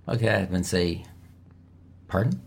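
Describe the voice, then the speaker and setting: A man's voice: fairly low pitch, lively intonation, normal speed, gravelly, slightly rough. A man, a physician, giving emphatic, repetitive coaching advice as an interview guest. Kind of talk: instructional interview answers.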